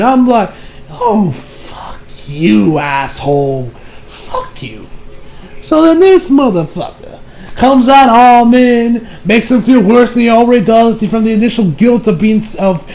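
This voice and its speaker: Profane, high-voiced young man ranting. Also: creaky, low-quality recording. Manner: profane, animated, mimics characters in quotes. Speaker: anime reviewer. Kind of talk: casual recap and rant.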